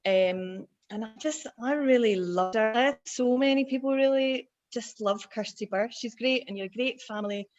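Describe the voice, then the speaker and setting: A woman sharing fond words on a video call, gentle and halting. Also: fairly high pitch. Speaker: church member sharing a memory. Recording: dull lo-fi video call audio.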